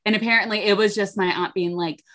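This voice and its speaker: A woman's voice: mid-range voice, steady tone, fast, pushed and bright. A young woman co-hosting a casual chat podcast, telling gossipy stories about her family and acting out what each person said. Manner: gossipy storytelling, acts out quoted voices. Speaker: podcast co-host.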